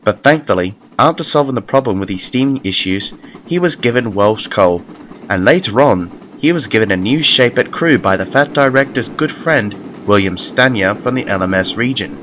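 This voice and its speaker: Low-voiced male storybook narrator. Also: expressive, normal speed, a bit bright, a little hiss or hum.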